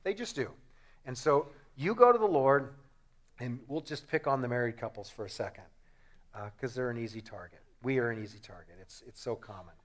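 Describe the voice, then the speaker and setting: A man preaching a sermon as a pastor, animated and rhetorical, acting out short dialogues. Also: medium pitch, fairly quick.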